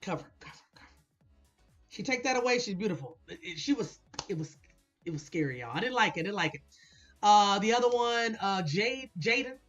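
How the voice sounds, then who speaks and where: This chatty vlogger gives casual commentary in a blunt, swearing recap style, laughing often. Her mid-range voice is fairly bright, with lively intonation and a fairly quick pace. The lo-fi audio sounds dull, with faint music in the background.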